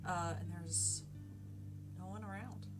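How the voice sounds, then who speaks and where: A woman's voice: lowish voice, steady tone, takes it slowly. A woman running a sci-fi tabletop game as game master, describing scenes with frequent ums and uhs. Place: home streaming setup. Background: background music.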